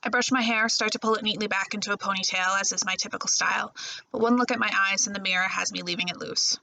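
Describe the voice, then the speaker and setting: Gravelly-voiced woman reading a novel. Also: medium pitch, fast talker, poor audio. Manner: steady first-person storytelling. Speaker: librarian. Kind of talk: audiobook-style novel reading.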